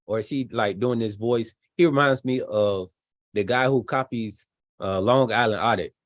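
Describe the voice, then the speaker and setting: A man with a mid-range voice hosts a live stream at a moderate pace, with no echo. Reacting to a video as the channel host, he makes chatty, laughing asides and reads out viewer comments.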